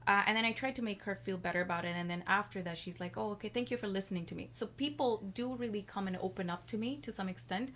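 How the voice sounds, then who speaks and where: Woman guest, confident and chatty, drifts through long answers at an average pitch. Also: fast talker, hardly any pauses, a bit bright. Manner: rambling, frequent "like" fillers; self-assured, talks about herself at length. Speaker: podcast guest. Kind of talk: casual chat.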